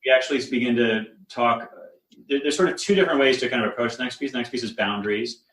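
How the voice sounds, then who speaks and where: A man's voice: mid-range voice, quick pace, fairly bright tone, echoey room, low-quality recording. A man speaking as a guest on a podcast, talking loosely with many restarts and frequent laughs. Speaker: guest author. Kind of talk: casual interview chat.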